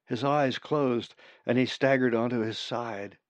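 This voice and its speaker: A man reading his own book aloud as audiobook narration, measured and unhurried. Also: medium pitch, fairly even intonation, no room sound.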